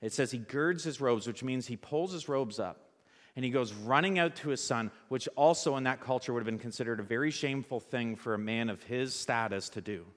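Casual, animated male preacher in a church with long reverb. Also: medium pitch, a little fast. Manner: conversational, animated, asks the audience rhetorical questions. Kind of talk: sermon.

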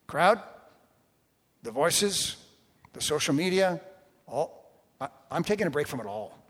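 Male pastor, animated and jokey sermon delivery, slightly high voice, long hall reverb. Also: slow, pauses often, husky. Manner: animated, jokey, swings between hushed and loud.

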